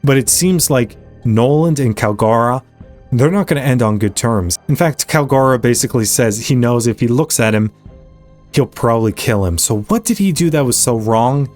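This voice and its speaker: A man's voice: mid-range voice, expressive, normal speed, a little mellow, soft background music. A man hosting an anime reaction channel, earnestly retelling and commenting on a story, his voice rising in emphasis at the moving parts. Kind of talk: casual recap and commentary.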